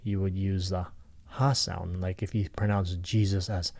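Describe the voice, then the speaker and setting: A man giving a recorded lecture on Philippine script, patiently and deliberately sounding out syllables one by one. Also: low voice, level tone, gravelly, a little mellow.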